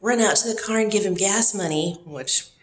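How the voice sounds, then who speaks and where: A woman vlogging about a painful relationship, teary and worn from crying, talking in a raw, rambling way with throat-clearing. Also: medium pitch, normal speed, roomy sound. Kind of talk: emotional personal vlog confession.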